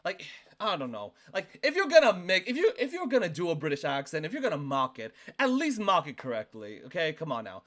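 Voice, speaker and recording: A male streamer doing reaction commentary into a desk microphone, talking in an animated, emphatic way with lots of "like". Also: fairly high pitch, brisk.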